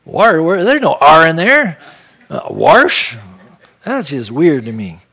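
A man's voice: a little high, huge pitch swings, unhurried, bright, forceful tone. A man from San Diego teaching verse by verse through a Bible passage as pastor, with conversational, folksy asides.

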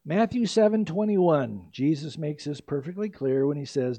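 An older man preaching a sermon with animated emphasis and quick asides. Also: a little high, no echo. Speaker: pastor. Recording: dry, slightly dull lo-fi recording.

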